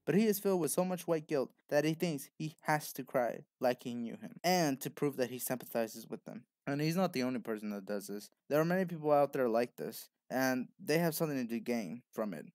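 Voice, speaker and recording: A man's voice: medium pitch, lively intonation, a little fast, hardly any pauses, darkish tone, dry recording, studio quality. A man delivering an opinionated commentary monologue, talking bluntly and lecturing the viewer directly. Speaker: video essayist.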